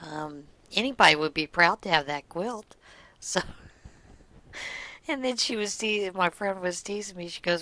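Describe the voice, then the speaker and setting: Chatty woman with a bright, lowish voice. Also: lively intonation, unhurried, no room sound. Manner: chatty, laughs often while telling stories; teasing, good-humored anecdotes. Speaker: knitting podcast host. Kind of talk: casual storytelling vlog.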